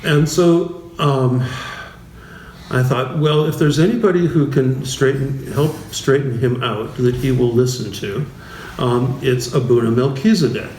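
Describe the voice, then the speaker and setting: Slow, halting man in a roomy hall. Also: medium pitch, a little mellow, recorded from a distance. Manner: slow, halting, many restarts and fillers, chuckles often. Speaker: bishop teaching a class series. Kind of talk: informal talk with anecdotes. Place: church. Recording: roomy church hall, voice from afar, faint noise.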